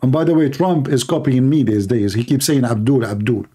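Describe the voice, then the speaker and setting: Animated and fairly quick, a man with a dark, medium-pitched voice hosts a live religious debate stream. He delivers a sarcastic, mocking monologue in nonstandard English grammar.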